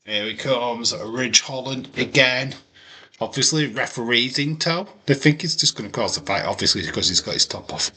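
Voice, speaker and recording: A man giving chatty live reaction commentary on a wrestling show, with sudden bursts of excitement. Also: mid-range voice, moderate pace, husky. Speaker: wrestling watch-along streamer.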